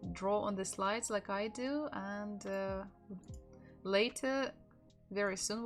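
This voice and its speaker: Woman, Russian accent, language teacher, live stream lesson, slow delivery, word-by-word drilling. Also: medium pitch. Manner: slow, drilling words by repetition.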